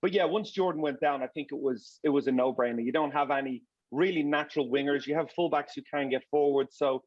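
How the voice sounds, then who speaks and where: Male soccer broadcaster, highish voice, lively with stop-start restarts, muffled dry feed. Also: fast talker, few pauses, dry recording. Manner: animated, repeats words as he restarts. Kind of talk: casual panel discussion.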